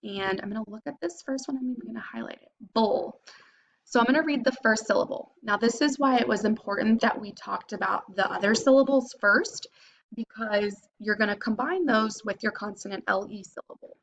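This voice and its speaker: A woman teacher giving a phonics lesson to young students, patiently sounding out syllables slowly and clearly. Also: on the high side, fairly bright tone, slight background noise.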